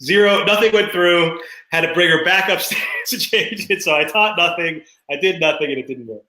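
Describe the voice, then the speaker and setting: A middle-aged man co-hosting a casual dad podcast, telling animated stories about his kids and laughing often. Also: a little high, normal speed, reverberant, rough recording. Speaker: podcast co-host. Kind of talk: casual chat.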